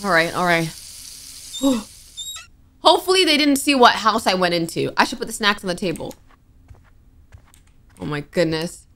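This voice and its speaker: Nervous young woman gamer, bright voice. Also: medium pitch, animated, moderate pace, long pauses. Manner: nervous, jumpy reactions to a horror game. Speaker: gaming streamer. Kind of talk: let's play commentary.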